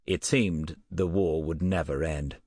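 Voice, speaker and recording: Deep-voiced male audiobook narrator. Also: fairly even intonation, a little slow, darkish tone, husky, dry recording, clean studio sound. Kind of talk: scripted narration.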